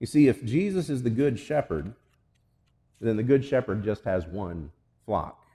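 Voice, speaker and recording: A man's voice: on the low side, lively intonation, unhurried, mellow. Man preaching in an echoing church hall. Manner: storytelling, rising to emphatic questions. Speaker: pastor. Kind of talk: sermon.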